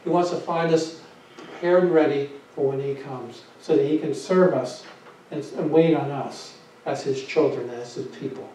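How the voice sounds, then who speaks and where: A man's voice: a little high, steady tone, normal speed, mellow, slight background noise. A male pastor preaching a sermon with emphasis, asking rhetorical questions and repeating his phrases. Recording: echoey, dull sound from a distant mic.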